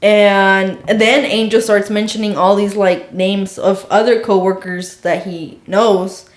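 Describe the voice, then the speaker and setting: A woman's voice: medium pitch, little pitch movement, takes it slowly. A young woman co-hosting a podcast, telling a story in a casual, rambling way with lots of "like"s. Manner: rambling, filler-heavy storytelling with many "like"s. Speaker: podcast co-host. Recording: roomy echo.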